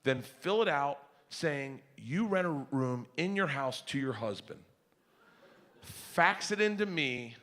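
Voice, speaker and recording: A comedian putting on a deadpan gun dealer. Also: male voice, mid-range voice, slow pace. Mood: calm. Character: laid-back, deadpan male gun dealer.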